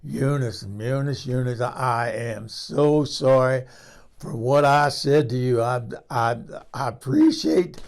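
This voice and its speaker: A man doing a gruff, plainspoken old husband. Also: medium pitch, slow pace. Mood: earnest, apologetic. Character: much older husband, plainspoken, earnest, gruff.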